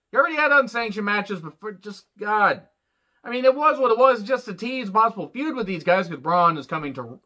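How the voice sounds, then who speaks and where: Here the same kind of wrestling reviewer speaks in a high-pitched, sharp voice. He loosely rambles as he sarcastically and profanely tears into a show, captured on dull lo-fi audio.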